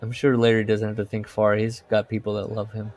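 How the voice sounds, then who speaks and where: A man's voice: fairly low pitch, monotone, a little fast, darkish tone. A man co-hosting a podcast, telling rambling stories in casual chat, laughing often and swearing. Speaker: podcast co-host.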